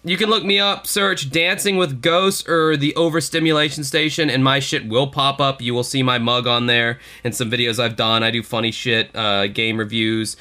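A man's voice: mid-range voice, fairly even intonation, normal speed, few pauses, sharp tone. A man co-hosting a podcast, chatting in a rambling, profane, self-deprecating way. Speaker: podcast co-host. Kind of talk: casual podcast chat.

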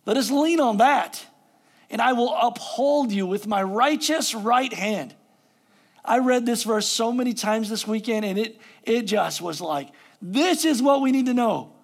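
A man's voice: very high-pitched, a little slow. A male pastor giving a conversational sermon, joking about himself and then reading scripture with rising emphasis.

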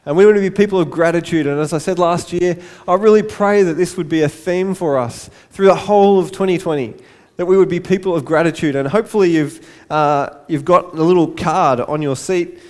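Male pastor, higher voice, preaching with light-hearted asides. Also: a little fast, few pauses, a little mellow. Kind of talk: sermon.

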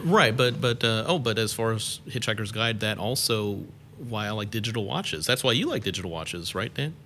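A man's voice: lowish voice, lively intonation, normal speed, sharp tone, a little hiss or hum. A man hosting a casual podcast chat, asking guests questions in an eager, easygoing way. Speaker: podcast host.

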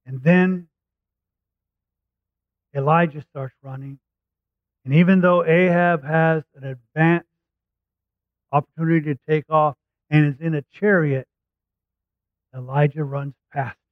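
A man preaching, his voice sitting a little high. He retells a scripture story conversationally and acts out the quotes. The sound is tinny, like a phone line, and dry. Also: steady tone, measured pace, pauses often, no echo. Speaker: pastor. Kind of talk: sermon storytelling.

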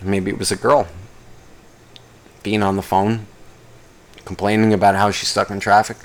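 A young man ranting casually about traffic and work, swearing constantly and rambling, now and then mocking others in a higher voice. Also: level tone, moderate pace. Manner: profane, rambling, jumps into mocking high-pitched impressions. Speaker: vlogger. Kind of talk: casual rant to camera.

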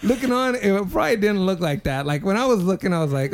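Animated high-pitched man telling a story. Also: fast talker, hardly any pauses. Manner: animated, swearing, acts out quotes. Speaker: podcast co-host. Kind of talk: casual storytelling chat.

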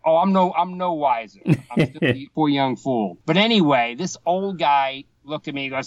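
A man's voice: mid-range voice, expressive, a little fast, few pauses. Rambling older man with a Boston accent. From Boston area. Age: 60s. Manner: rambling, self-deprecating, acts out voices. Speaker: guest. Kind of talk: casual anecdotal storytelling. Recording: dull, slightly distant, dry mic.

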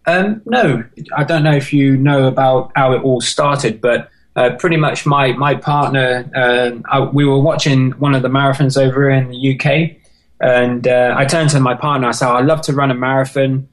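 A British man speaks as a podcast guest, recounting his own story in earnest, halting bursts. His voice sits at an ordinary middle pitch, and the telling stays emotional and sincere throughout. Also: fairly even intonation, rough recording. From United Kingdom. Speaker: podcast guest, marathon runner. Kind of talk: personal life story in an interview.

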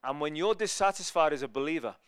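Animated man preaching a storytelling sermon. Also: on the high side, quick pace, clean tone, no room sound, studio quality. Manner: animated, acts out people in his stories. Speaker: guest preacher.

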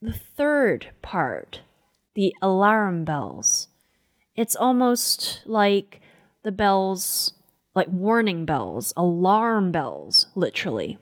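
A woman's voice: mid-range voice, sing-song, drawn-out words, no echo, studio quality. A woman teaching a poem. She reads it aloud with rhythmic emphasis, lingering on repeated words, then explains its language. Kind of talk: dramatic poetry recitation and literary analysis.

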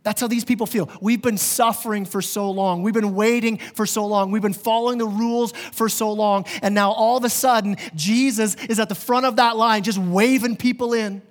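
A man's voice: sits high, steady tone, moderate pace, few pauses. A man preaching a sermon as pastor, earnest and conversational, with vivid everyday examples. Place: church sanctuary. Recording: long reverb of a large church hall.

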